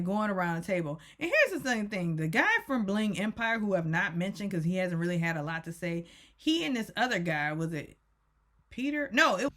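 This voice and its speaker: A woman's voice: mid-range voice, a bit bright. A woman vlogger giving a chatty, rant-style recap of a TV show, talking straight to her viewers with teasing asides.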